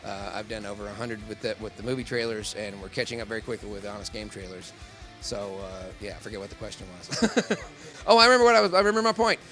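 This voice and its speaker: A man's voice: on the low side, quick pace, over music. A man who works as a professional voice actor, talking in a casual convention interview, rambling and laughing often.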